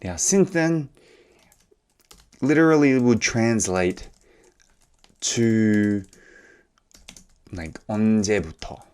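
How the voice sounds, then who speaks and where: A man with an Australian accent teaching an English lesson, speaking slowly and clearly and slipping into Korean translations. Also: lowish voice, darkish tone.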